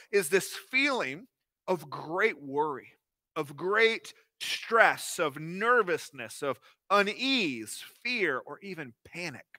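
A man's voice: sits high, bright, forceful tone, no echo. A man in his thirties preaching a sermon as pastor, telling stories expressively with fillers and restarts.

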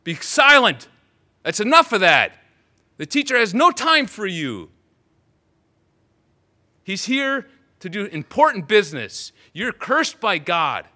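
A man's voice: high voice, very animated, slow pace, long pauses, bright, forceful tone, voice pushed up, heavily acted. A man voicing an angry crowd harshly scolding a beggar to be silent.

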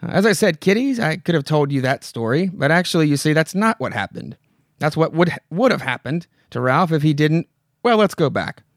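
A man's voice: a little high, big pitch swings, brisk, no echo, studio quality. A man voicing a sly old female witch who tells the story and mockingly calls listeners kiddies.

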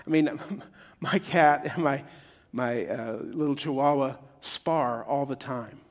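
A man's voice: medium pitch, takes it slowly, big-room sound. A middle-aged man preaching a sermon in a joking, conversational way that builds to emphatic peaks. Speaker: pastor.

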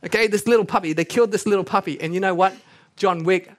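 A man's voice: high voice, quick pace. A male pastor preaching a sermon, earnest, with joking asides and scripture read aloud. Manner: lively, joking asides between earnest points; reads scripture aloud with rising intensity.

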